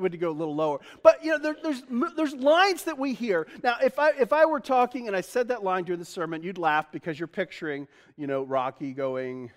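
High-voiced middle-aged man, joking pastor. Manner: chatty and joking, laughing often. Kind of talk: conversational sermon. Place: church.

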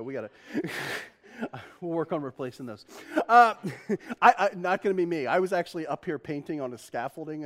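A man preaching a sermon as pastor, chatty and self-deprecating, laughing often and restarting his sentences. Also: a little high.

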